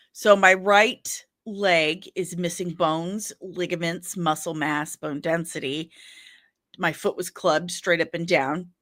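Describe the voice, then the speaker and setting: A woman with a slightly low voice chats casually on a livestream. She rambles openly, laughs often and breaks off to apologize. The sound is dry and close, with no room echo. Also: a bit bright. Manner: rambling, candid, with frequent laughs; apologetic asides.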